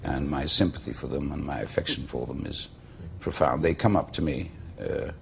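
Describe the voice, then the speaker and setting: A middle-aged Welsh man and actor, telling stories in a slow, measured, eloquent way as a talk show guest. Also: rumbling low, creaky, a little hiss or hum. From Wales.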